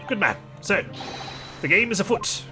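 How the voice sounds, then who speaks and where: A man's voice: high-pitched, expressive, moderate pace, voice pushed up. A man voicing a pompous, eccentric male detective, over game music. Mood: scheming. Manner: grandiose, theatrical.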